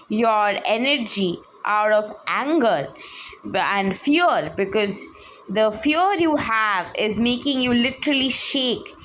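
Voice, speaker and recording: A woman's voice: on the high side, a bit bright, slight background noise. A woman giving a spiritual teaching monologue in an explanatory, repetitive way, often using "like" and "literally".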